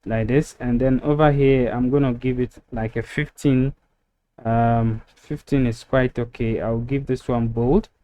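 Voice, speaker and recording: A web design tutor takes listeners through building a website one step at a time, sounding relaxed and dropping plenty of filler words. His voice sits in the mid-range, captured on a desktop mic over a screen recording.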